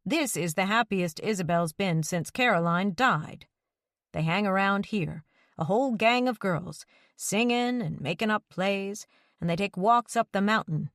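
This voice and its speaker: A woman voicing a quiet widowed man who speaks calmly and tersely, firm when pushed. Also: mid-range voice, no echo, studio quality, natural voice. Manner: calm, plain-spoken, terse.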